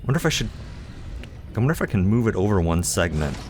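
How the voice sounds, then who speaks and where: A man's voice: fairly low pitch, sing-song, fast talker, noisy background. A man giving casual commentary while playing a game, chatty and playful, talking to himself and teasing himself as he goes. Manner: self-deprecating, playful. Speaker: let's play host.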